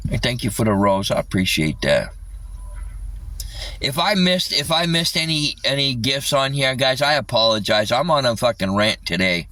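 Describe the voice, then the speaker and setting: A man's voice: medium pitch, very animated, normal speed, bright, forceful tone. A man livestreaming an agitated rant, swearing constantly, with his voice a little distant from the mic.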